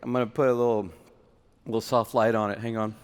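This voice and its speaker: A man playing a busy, self-absorbed man who gushes over a meal and rushes off, with a long hall reverb behind him. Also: fairly low pitch, flat delivery, clear, resonant tone, voice pushed down, natural voice. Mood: distracted. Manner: gushing, hurried, self-absorbed. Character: busy, distracted man rushing a meal, showing off.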